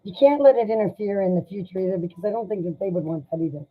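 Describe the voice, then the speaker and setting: A woman doing a live tarot reading, speaking in an emotional, sympathetic and halting way. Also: mid-range voice, slightly rough. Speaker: tarot reader. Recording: dull lo-fi sound.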